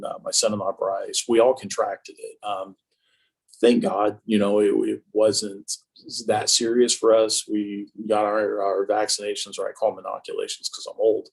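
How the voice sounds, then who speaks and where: Man, fifties, interview guest, gravelly, husky, joking and self-mocking. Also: on the low side, low-quality recording. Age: 50s. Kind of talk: casual conversation.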